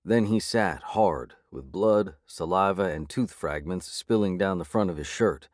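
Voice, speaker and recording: A man reading a first-person audiobook in a measured, gritty way. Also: low voice, no room sound, clean studio sound. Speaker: audiobook narrator.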